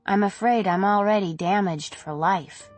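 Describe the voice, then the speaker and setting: A woman reading a novel aloud in the first person, in a gentle, unhurried manner. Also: medium pitch, faint music behind. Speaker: audiobook narrator. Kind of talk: first-person audiobook narration.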